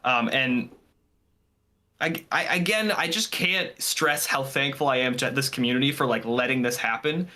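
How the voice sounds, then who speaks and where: A man chatting as a podcast guest about his film, earnest and animated. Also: medium pitch, normal speed. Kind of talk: casual chat.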